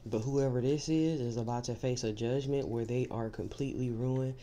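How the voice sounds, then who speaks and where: This tarot reader's voice is extremely low and warm, with fairly even intonation and a moderate pace, set against slight background noise. Her spiritual reading speaks right to the listener, reassuring and emphatic, with frequent uses of "see" to hammer points home.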